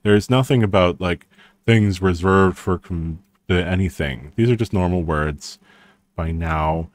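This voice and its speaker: A man's voice: low voice, measured pace, no echo, studio quality. A man giving casual, rambling commentary as he reads through a language reference book, with frequent restarts and a wry tone.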